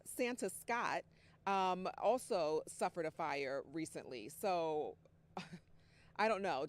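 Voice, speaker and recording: A woman field reporter giving a live TV news report from outdoors on location, chatty and casual. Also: deep voice. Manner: chatty, casual, warm-hearted.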